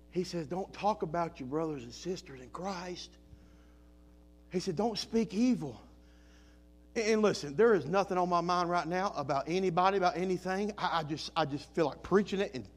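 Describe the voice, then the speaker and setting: A man preaching a sermon and reading scripture aloud, moving between loud emphatic lines and low quiet ones. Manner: reads scripture in old-fashioned wording.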